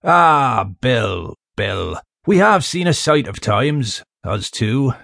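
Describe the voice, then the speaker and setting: A man voicing a menacing, wheedling pirate with a fawning, sneering manner in an audiobook, speaking low and hushed. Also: very animated, takes it slowly, vocal fry, dry recording, full character voice. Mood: sly. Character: menacing wheedling male pirate, missing fingers. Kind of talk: audiobook character voice. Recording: dry close studio sound.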